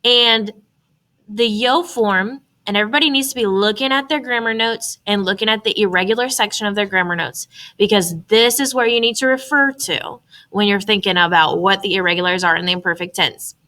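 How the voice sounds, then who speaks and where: A woman's voice: medium pitch, brisk, bright, forceful tone. A woman teaching a recorded Spanish grammar lesson, upbeat and talking students through each step.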